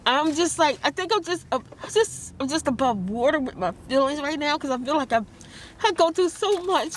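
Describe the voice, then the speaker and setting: A high-voiced woman vlogs in a heated, emotional rant. She talks fast and gets tearful, breaking off to quote other people. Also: expressive, slight background noise. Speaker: vlogger.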